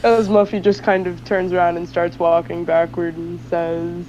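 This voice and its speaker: A woman playing a tabletop game, describing her character's actions in a relaxed, casual way. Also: lowish voice, moderate pace, hardly any pauses, a little hiss or hum, low-quality recording. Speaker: player. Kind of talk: casual in-character play narration.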